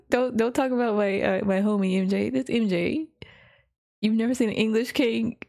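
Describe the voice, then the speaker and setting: Giggly woman reacting with loud laughter. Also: fairly high pitch, a little fast. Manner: laughs constantly, exclaims, talks in bursts. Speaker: reaction video host. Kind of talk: casual reaction commentary.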